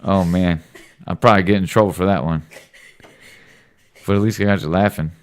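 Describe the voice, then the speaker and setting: A man's voice: sits low, steady tone, brisk. A man talking casually as a father hosting a home podcast with his son, teasing and joking with him. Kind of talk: casual late-night chat.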